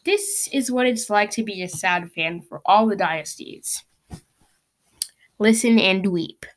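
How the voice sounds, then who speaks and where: A woman reading hockey stats aloud in a sarcastic, exasperated rant, her voice worn from yelling. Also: medium pitch, a little slow. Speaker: sports fan commentator.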